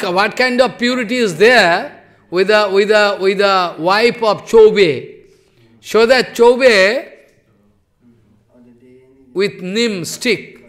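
A man's voice: sits high, a bit bright. A man giving a sermon as a spiritual teacher, telling stories animatedly in broken English and teasing his listeners.

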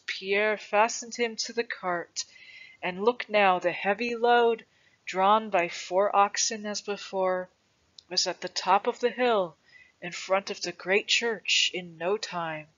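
Old grandfather storyteller, read aloud by one narrator, slow patient delivery, dull lo-fi recording. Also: medium pitch, a bit bright. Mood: hushed. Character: old grandfather telling a legend to his grandson. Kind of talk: storybook reading.

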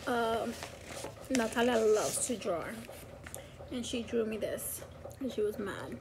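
A woman's voice: a little high, animated, slow pace, pauses often, background noise. A woman vlogging casually at home as a mother, chatty and rambling with many fillers. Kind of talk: casual chat. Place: home, indoors.

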